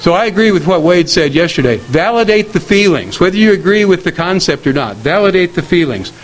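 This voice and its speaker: A middle-aged man preaching a sermon on marriage in a measured, earnest way, slowing down to quote scripture. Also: high voice, sing-song, rough recording.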